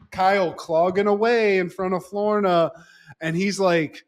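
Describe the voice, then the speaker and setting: A man co-hosting a podcast, telling a plot story in an animated, profane, casual way. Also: sits high, normal speed. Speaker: podcast co-host. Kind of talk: casual podcast chat recapping a show.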